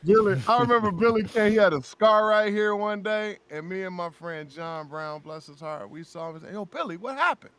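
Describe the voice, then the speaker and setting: Animated male guest telling stories. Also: high voice, normal speed, few pauses, clean tone. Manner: animated storyteller who acts out friends' lines. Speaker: guest voice actor. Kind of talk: casual podcast chat.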